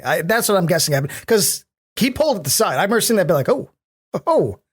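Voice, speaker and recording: A man's voice: sits high, very animated, fast, slightly rough. A man co-hosting a podcast in casual movie chat, joking and enthusiastic, often repeating words. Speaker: podcast co-host.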